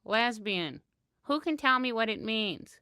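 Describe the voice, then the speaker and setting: A woman's voice: a little high, sing-song, unhurried, bright, forceful tone, clear, resonant tone, no room sound, studio quality, exaggerated voice. A woman doing a stern, preachy old school nurse. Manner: solemn, moralizing lecture.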